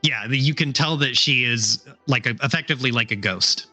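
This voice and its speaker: Bright-voiced man running a game. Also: medium pitch, a little fast, soft background music. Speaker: game master. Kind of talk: narrating a tabletop game.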